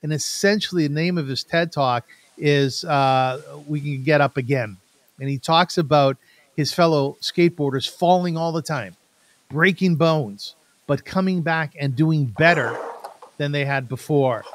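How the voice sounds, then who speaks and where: A man's voice: on the high side, measured pace, slight background noise. A Canadian man hosting an interview, chatty and enthusiastic. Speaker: podcast host. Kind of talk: casual interview.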